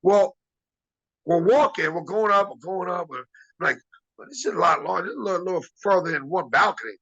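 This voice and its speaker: A man's voice: sits high, animated, brisk, bright, forceful tone, lo-fi sound. A man, a former wrestler, telling rambling anecdotes in a casual interview and acting out the dialogue he quotes. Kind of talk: casual storytelling.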